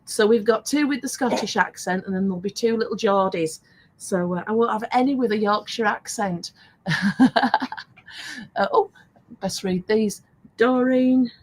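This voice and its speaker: An older woman hosts a casual live stream selling craft supplies, chatting away and laughing often as she reads viewer comments aloud. Her voice is mid-range and a little mellow, at a normal speed. The recording is low quality, with slight background noise.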